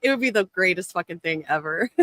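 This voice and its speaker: A man's voice: sits high, fairly bright tone, dry recording. A man co-hosting a casual political chat, swearing freely and laughing often. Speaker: co-host.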